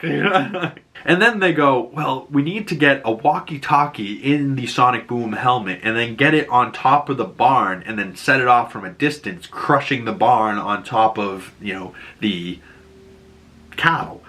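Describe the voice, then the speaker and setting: A man with a Boston accent casually recapping a TV episode, laughing often and acting out characters' lines in quick bursts. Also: mid-range voice, bright, forceful tone. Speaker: show recap host.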